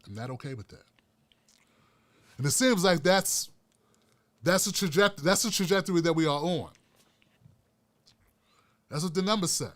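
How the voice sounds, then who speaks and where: Fervent high-voiced male commentary host. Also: a bit bright. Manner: fervent, repeats and restarts phrases for emphasis; addresses viewers directly and casually. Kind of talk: impassioned political commentary.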